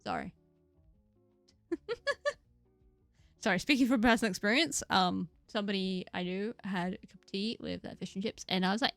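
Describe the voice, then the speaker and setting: A woman streaming a game, chatting casually, giggly and rambling, with lots of upward inflections and a slightly croaky voice. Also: medium pitch, brisk, long pauses, fairly bright tone, no room sound, faint music behind. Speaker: VTuber streamer. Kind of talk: casual live-stream chat while gaming.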